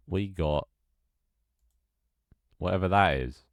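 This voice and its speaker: A man's voice: extremely low pitch, normal speed, no room sound, clean studio sound. A young British man with a British accent, chatting casually on a live stream, reading chat and joking with some swearing. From Britain. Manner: chatty, reads chat aloud, swears, laughs often.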